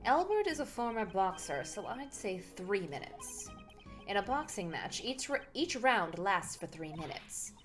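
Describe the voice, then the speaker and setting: A woman's voice: mid-range voice, very animated, measured pace, soft background music. Giggly woman playing a game. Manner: giggly, exclamatory reactions. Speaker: game player. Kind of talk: casual game commentary.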